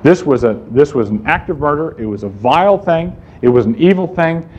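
A man's voice: fairly high pitch, lively intonation, fairly quick. Emphatic male preacher, slightly dull recording. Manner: emphatic, asks rhetorical questions and answers them. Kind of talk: sermon. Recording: slightly dull recording with faint room noise.

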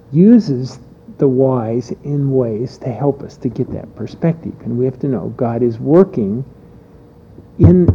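A man's voice: medium pitch, creaky, lo-fi sound, a little hiss or hum. Man preaching a conversational sermon. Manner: conversational, with frequent fillers and restarts.

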